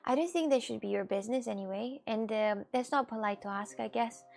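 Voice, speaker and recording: A woman livestreamer chatting casually with her viewers and answering their questions, halting, with many fillers and restarts, and swearing casually. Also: a little high, vocal fry, darkish tone. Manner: answers chat questions aloud. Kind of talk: casual stream chat.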